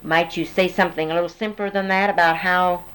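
A woman's voice: lowish voice, fairly even intonation, a little fast, a bit bright, clean tone, low-quality recording. A woman interviewer patiently prompting a speaker with fill-in-the-blank questions. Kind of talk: dialect survey interview.

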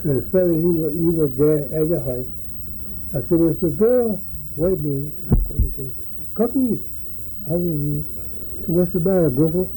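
Older man, folksy rambling storyteller, somewhat high-pitched, very dark mellow tone. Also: fairly quick, slight background noise, low-quality recording. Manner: rambling, folksy, acts out voices in his stories. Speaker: interviewee. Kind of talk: oral history storytelling.

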